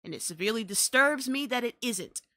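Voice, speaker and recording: Bright-voiced woman ranting with profanity. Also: a little high, animated, brisk. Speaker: podcast host. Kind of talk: ranting commentary.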